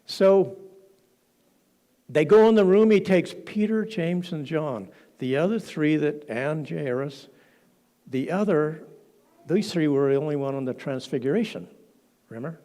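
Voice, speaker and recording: A man's voice: fairly high pitch, unhurried, long pauses, dark tone. A man preaching a sermon in a church, dramatic and acting out the quoted lines as he tells the story.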